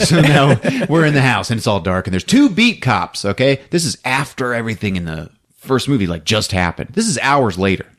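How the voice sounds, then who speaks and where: A man's voice: medium pitch, big pitch swings, moderate pace, a bit bright. A man hosting a podcast, recapping a movie comically, laughing often and acting out sound effects. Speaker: podcast host.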